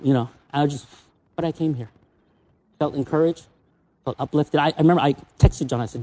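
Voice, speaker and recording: A man preaching a sermon in a church as a visiting preacher, emotional and personal, swinging between excited highs and soft, low asides. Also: a little fast.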